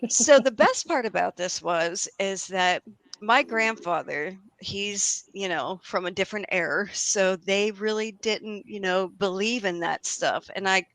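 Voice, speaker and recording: A woman's voice: mid-range voice, unhurried, no echo. Chatty woman telling a ghost story. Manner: animated, chatty with many fillers. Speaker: guest medium. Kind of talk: storytelling in a video call interview. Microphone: video call.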